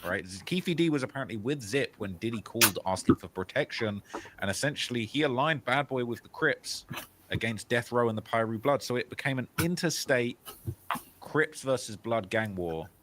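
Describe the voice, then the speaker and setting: A man with a British accent tells a story in an engaging voice, pitched at a middle level. He keeps qualifying his claims with words like "apparently" and "allegedly". A steady hiss of noise sits under the recording. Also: moderate pace. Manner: hedging, with frequent "apparently" and "allegedly". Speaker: documentary narrator. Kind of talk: storytelling narration of a video essay.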